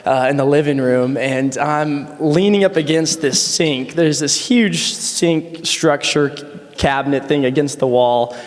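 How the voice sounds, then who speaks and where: A man's voice: fairly high pitch, a little slow. A young man, a friend of the groom, giving a casual wedding toast full of fillers and stories in a reception hall. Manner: casual, rambling, with many fillers and laughs. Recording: echoey hall sound.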